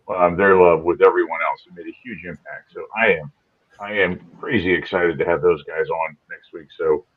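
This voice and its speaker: Upbeat low-voiced man hosting a show. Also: narrow, tinny audio. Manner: upbeat, rambling with restarts. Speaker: podcast host. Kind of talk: casual live-show chat.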